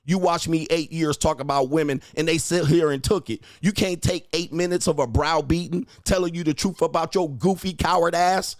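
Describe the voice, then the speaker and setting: A man hosting a livestream tears into his chat with a profane, insult-heavy rant, hammering the same taunts again and again. His voice sits fairly high for a man and is recorded dry and close. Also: steady tone, moderate pace, few pauses, dry recording. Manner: mocking, repeats taunts. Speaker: livestream host and dating coach. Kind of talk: ranting at live chat.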